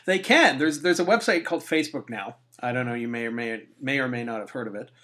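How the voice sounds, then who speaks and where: Wry, teasing podcast co-host. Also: male voice, mid-range voice, fast, fairly bright tone. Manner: wry, teasing, laughs easily. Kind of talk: casual comedic chat.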